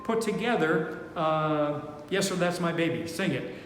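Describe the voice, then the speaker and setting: Slow-talking man teaching banjo in an echoey room. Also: a little high, lively intonation, over loud music. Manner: unhurried and friendly, thinks aloud with fillers. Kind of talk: relaxed online music lesson. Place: indoor room, playing banjo while talking. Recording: echoey room with long reverb, banjo playing behind.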